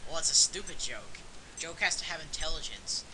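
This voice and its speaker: Guy with a high, lively voice, joking around over gameplay, noisy home recording. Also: moderate pace. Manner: joking, teasing, playful bits and mock accents. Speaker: let's play co-host. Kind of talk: casual game commentary.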